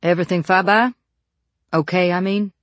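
A man's voice: high-pitched, fairly even intonation, normal speed, a bit bright, dry recording, pitched above the performer's own voice. A narrator voicing a friendly, chatty small-town male deputy with easygoing, folksy speech.

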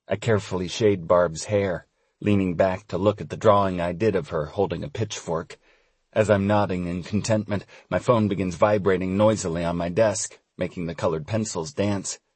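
Deep husky man narrating. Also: a little mellow, dry recording. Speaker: audiobook narrator. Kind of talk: scripted first-person audiobook narration.

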